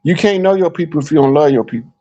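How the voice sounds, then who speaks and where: Animated storytelling man, higher voice. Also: fast talker, dull audio. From Chicago. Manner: animated storyteller, acts out quoted remarks. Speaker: guest speaker. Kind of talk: casual storytelling talk.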